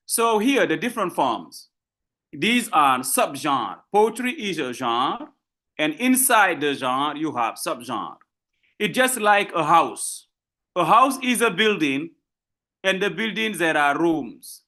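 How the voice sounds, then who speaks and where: A man's voice: fairly high pitch, bright, forceful tone. A man giving a university literature lecture, explaining step by step, repeating key points and asking and answering his own questions.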